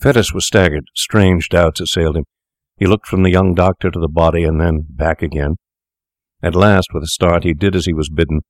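Deep-voiced man narrating a tale. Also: fairly even intonation, normal speed, no echo, clean studio sound. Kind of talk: scripted narration.

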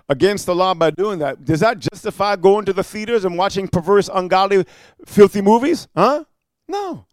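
A male preacher with a voice that sits high delivers a fiery sermon, firing off rebukes and rhetorical questions with repeated "amen" and "huh". He moves between quiet storytelling and loud warnings, and the recording is dry.

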